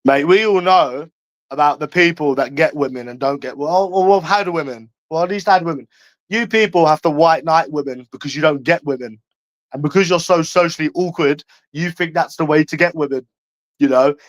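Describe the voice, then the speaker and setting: A man ranting to camera in a taunting, profane way, tagging lines with "mate" and swinging between loud and hushed. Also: fairly high pitch, brisk, dry recording. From London. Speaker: vlogger.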